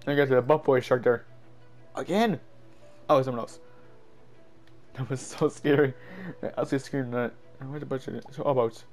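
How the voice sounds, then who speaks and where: A man giving jumpy, excited commentary while playing a game, easily startled and laughing at himself. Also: medium pitch. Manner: jumpy, screams and laughs at scares, self-mocking. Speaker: gamer.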